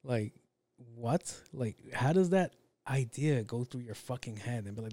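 A man's voice: mid-range voice, lively intonation, measured pace, dark tone, no echo. Rambling, profane young man. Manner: rambling, profane, goes off on tangents. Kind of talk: casual solo monologue.

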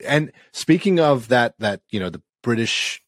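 A man's voice: mid-range voice, sing-song, a little slow, dry recording. A man co-hosting a casual podcast, trading dry, joking banter. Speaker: podcast co-host. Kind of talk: casual chat. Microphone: studio microphone.

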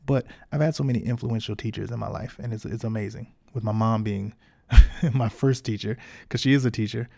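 A man hosting his own podcast in a casual solo monologue. He talks frankly and encouragingly, in relaxed everyday slang. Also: mid-range voice, a little fast, vocal fry. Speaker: podcast host.

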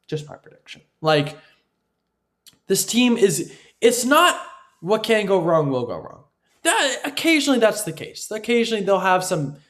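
A man delivering an opinionated football analysis monologue, emphatic and repetitive, often asking his listeners "right?". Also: high voice. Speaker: sports commentator.

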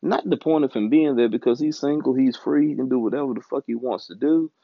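A man's voice: medium pitch, a little fast, creaky, no room sound. Frustrated, cursing man ranting. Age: adult, married. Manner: frustrated, profane, rambling. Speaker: podcast host. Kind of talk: casual ranting monologue. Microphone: home recording setup. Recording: dull, dry lo-fi home recording.

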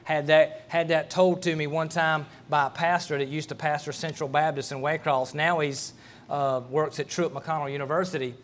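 Male pastor, middle-aged, fairly high voice, homespun storyteller who stumbles and restarts mid-sentence. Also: little pitch movement, normal speed, slight background noise. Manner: folksy, storytelling, repeats words as he restarts. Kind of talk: sermon.

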